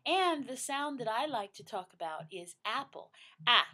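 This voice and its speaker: A middle-aged woman teaching singing, explaining vocal registers slowly and breaking into loud sung exercises. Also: a little high, big pitch swings. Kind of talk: vocal lesson with sung demonstrations.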